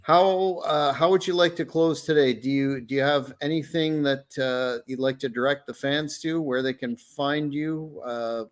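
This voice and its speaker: A man hosting a wrestling talk show, speaking softly and with some hesitation. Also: a little high, fairly even intonation, unhurried, few pauses. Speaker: show host and wrestling promotion executive. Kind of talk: podcast hosting. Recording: guitar music playing under the voice.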